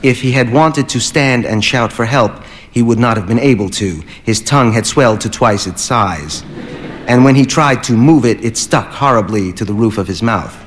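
Male audiobook narrator; measured, even, mid-range voice. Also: mid-range voice.

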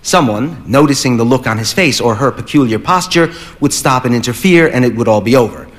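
Male audiobook narrator; measured, even, mid-range voice. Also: mid-range voice.

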